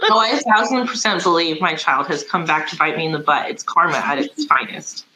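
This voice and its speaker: A woman's voice: sits low, expressive, a little fast, reverberant, a crowd in the background, rough recording. A middle-aged woman hosting a podcast, telling stories casually with lots of fillers. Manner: chatty, storytelling with many fillers. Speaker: podcast host. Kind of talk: casual chat.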